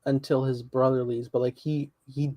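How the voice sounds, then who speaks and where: A man co-hosting a podcast, recapping a TV episode in relaxed, rambling casual chat with many fillers. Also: mid-range voice, moderate pace, no echo. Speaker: podcast co-host.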